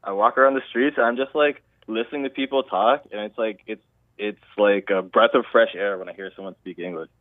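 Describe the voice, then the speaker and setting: A man's voice: on the low side, fairly quick, no echo. A man from Toronto with a Toronto accent, calling into a talk show and rambling casually in slangy talk. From Toronto, Canada. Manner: rambling, loose slangy talk with many restarts. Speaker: caller. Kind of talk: casual phone-in chat. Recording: tinny phone line.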